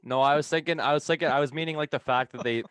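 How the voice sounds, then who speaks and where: A man's voice: on the high side, fairly even intonation, racing, fairly bright tone, clear, resonant tone, no echo, studio quality. A man on a casual podcast who tells a long story in a rambling, profane way and laughs often as he goes. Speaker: podcast co-host telling a story.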